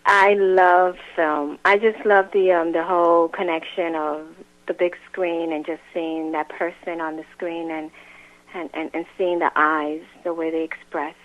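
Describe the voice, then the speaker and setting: Over a phone-line connection, a woman with a lowish, flat, unhurried voice chats casually as an actress guest in an interview. She laughs a lot and keeps restarting her sentences, and she grew up in a Latin music household before settling in New York.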